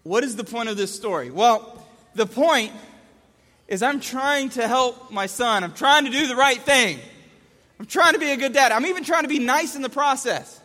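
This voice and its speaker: A man preaching a sermon, an animated storyteller who acts out scenes as he talks. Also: very high voice, moderate pace. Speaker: pastor. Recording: long hall reverb.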